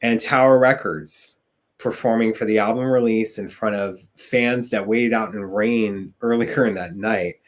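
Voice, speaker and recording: A man's voice: fairly low pitch, steady tone, a little slow. A man hosting a podcast interview, enthusiastic and asking leading questions. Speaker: podcast host. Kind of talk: casual interview chat.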